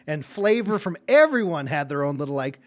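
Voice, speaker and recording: A young man as dungeon master wrapping up a live tabletop game stream, excitable, laughing and swearing freely. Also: on the high side, a little fast.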